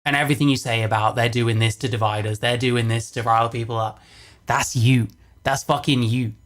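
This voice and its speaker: Guy on a livestream ranting, swears nonstop, repeats himself to drive it home, mid-pitched voice. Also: fairly even intonation, fast talker, a bit bright. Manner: profane, exasperated, repeats phrases for emphasis. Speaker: livestreamer reacting to videos. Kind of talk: angry casual livestream rant.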